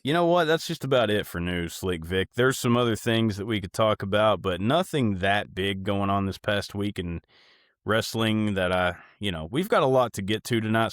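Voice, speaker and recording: A man's voice: on the low side, lively intonation, moderate pace, no room sound, clean studio sound. A man co-hosting a podcast, talking in a loose, rambling way full of "like" and restarts. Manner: loose, rambling, uses lots of "like". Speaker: podcast co-host. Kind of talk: casual podcast banter.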